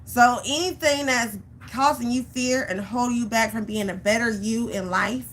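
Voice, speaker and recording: A woman vlogger talking straight to her viewers and urging them past their fears. She tells her stories with lively, acted-out panic and repeats phrases for emphasis. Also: a little high, moderate pace, a little hiss or hum. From Georgia, US. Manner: animated storytelling, acts out her own panic. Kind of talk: motivational vlog talk.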